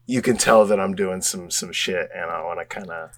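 A man's voice: low-pitched, moderate pace, fairly bright tone, dry recording. A young man playing a tabletop game, talking casually and rambling with fillers. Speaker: player.

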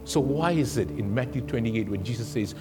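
A man preaching a sermon and telling stories dramatically, swinging from loud to hushed. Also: mid-range voice, lively intonation, fairly quick, over music. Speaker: guest preacher.

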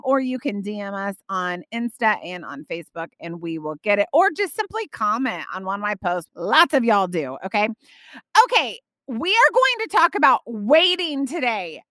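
A woman's voice: fairly high pitch, very animated, normal speed, fairly bright tone, no echo. A middle-aged woman hosting a faith podcast, chatty and effusive, often tagging on y'all and okay. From Texas. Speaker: podcast host. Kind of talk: casual faith podcast chat.

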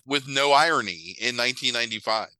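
Brief: male podcast host, profane storyteller, tense bright tone. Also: mid-range voice, fast talker, clean tone, dry recording, low-quality recording. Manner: animated, profane, rambling retelling. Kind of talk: casual chat.

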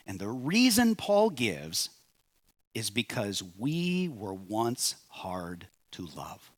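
A pastor preaching a sermon in a measured way, rising on key phrases and dropping soft at line ends. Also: male voice, on the low side, huge pitch swings, no echo.

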